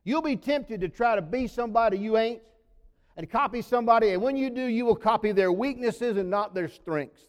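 A male pastor preaching in a high, reedy tenor that rings through a reverberant hall. He tells folksy stories in a sermon, punching some words out loud and dropping others to a low murmur. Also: fairly quick. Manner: folksy storytelling, swinging between loud emphasis and sudden low drops. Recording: long reverb of a large hall.

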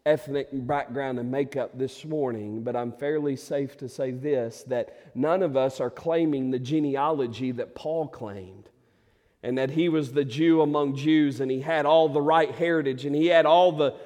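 A male pastor preaching a sermon, swinging from loud emphatic declarations to quiet, intimate appeals to the congregation. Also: medium pitch, a little slow. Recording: long hall reverb.

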